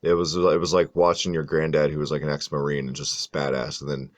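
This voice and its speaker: A man's voice: rumbling low, little pitch movement, fast talker, no room sound. A man co-hosting a podcast, chatting casually and animatedly about an old wrestling event, swearing freely and rattling off long lists of names. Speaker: podcast co-host. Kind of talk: casual wrestling review chat.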